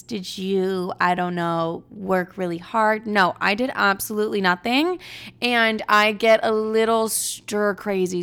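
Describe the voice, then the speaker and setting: A woman's voice: mid-range voice, a bit bright, clean tone. A young woman in her twenties hosting a podcast, chatting casually and candidly, full of "like" fillers and swearing. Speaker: podcast host. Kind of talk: casual solo chat.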